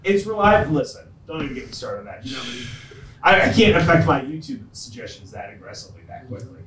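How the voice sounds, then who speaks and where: A man hosting a casual podcast chat, talking in an animated, emphatic way with big jumps in pitch. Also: quick pace. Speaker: podcast host. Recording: echoey room, distant mic.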